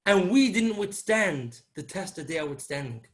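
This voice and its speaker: A man giving a Torah talk as a sermon, telling a story and acting out its dialogue, swinging between loud and soft. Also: sits high, lively intonation, normal speed.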